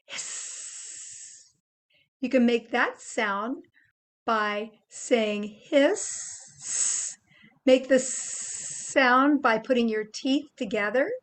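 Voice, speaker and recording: An older woman gently teaching children how to make animal sounds, explaining each step patiently. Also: a little high. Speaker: children's presenter.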